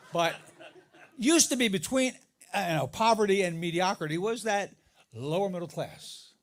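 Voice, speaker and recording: A man doing a stand-up comedy set, telling a long joke in a rambling, self-interrupting way. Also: fairly high pitch. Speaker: stand-up comic. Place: live comedy venue.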